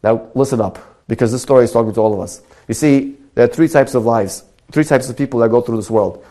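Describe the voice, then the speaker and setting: Rabbi guy telling a story in a class, quick talker, acts out all the parts. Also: medium pitch. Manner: animated storyteller, acting out the characters. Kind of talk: sermon with a told parable.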